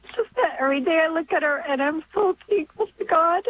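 A woman in her forties calling in by phone from New York, speaking emotionally and haltingly about her faith. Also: extremely high pitch, no room sound. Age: 40s. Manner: emotional, halting, tearful at times. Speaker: caller. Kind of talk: call-in radio testimony. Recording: tinny phone line.

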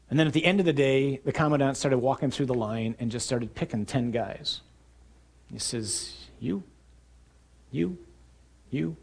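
A man preaching a sermon, telling stories vividly and acting out shouted lines. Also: medium pitch, slightly rough. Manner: animated storytelling, acting out shouts.

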